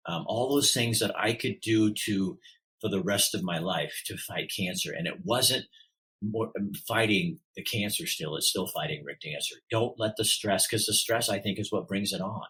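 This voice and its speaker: A middle-aged man, a podcast guest, telling his story in an animated way and acting out the dialogue. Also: sits low, moderate pace, poor audio. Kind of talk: storytelling in an interview.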